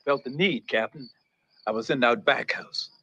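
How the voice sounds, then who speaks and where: A man's voice: medium pitch, moderate pace, bright, forceful tone, no echo, dull audio. An actor playing a weary, resigned older enslaved man in a film.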